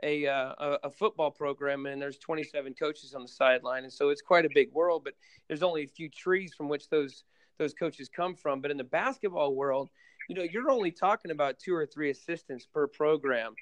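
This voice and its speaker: A man's voice: on the high side, a little fast, dry recording. A man, a basketball coach, telling stories in a casual podcast interview, rambling with many fillers and restarts.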